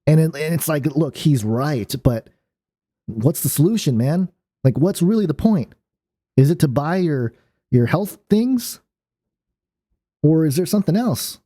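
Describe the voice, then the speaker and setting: Male channel host, dark mellow tone, casual rambling monologue with restarts. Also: a little high, animated, a little slow, pauses often. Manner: rambling, many fillers and restarts.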